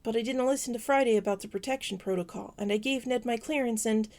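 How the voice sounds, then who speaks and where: A woman voicing a nervous, apologetic teenage boy who speaks in halting starts, in a fan fiction audiobook reading. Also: a little high, darkish tone, close to an everyday voice. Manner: hesitant, halting speech.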